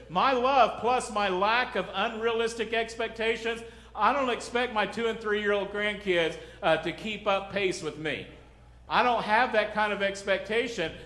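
A middle-aged pastor preaching a sermon in a loose, conversational way, joking, acting out little scenes and asking the congregation questions. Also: male voice, high-pitched, moderate pace, fairly bright tone. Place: church sanctuary. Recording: echoey church hall.

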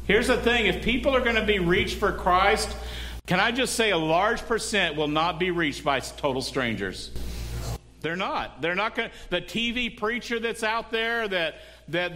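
A man's voice: high voice, pushed and bright. A male pastor preaching a sermon in a conversational way, often asking the congregation questions.

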